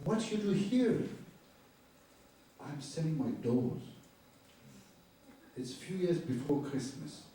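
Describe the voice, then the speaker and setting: Older man, English, earnest storytelling, soft dark tone, distant mic, very roomy hall. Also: medium pitch, slight background noise. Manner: earnest, halting non-native phrasing, quoting dialogue in a raised voice. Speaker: photojournalist giving a talk. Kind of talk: storytelling lecture with slides. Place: university lecture hall.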